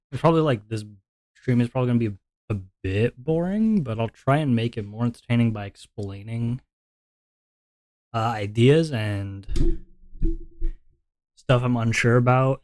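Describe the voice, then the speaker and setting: A man streaming from home, thinking out loud in a rambling way with many fillers and restarts, and a little out of breath. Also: mid-range voice, moderate pace, no room sound, clean studio sound. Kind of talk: casual stream chat.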